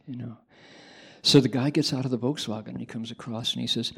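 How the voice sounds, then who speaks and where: A male Buddhist monk telling a story during a dharma talk, with lively sound effects and acted-out voices. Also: medium pitch, fairly quick, gravelly, breathy edge. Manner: animated storyteller who adds sound effects and acts out voices. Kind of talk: storytelling sermon.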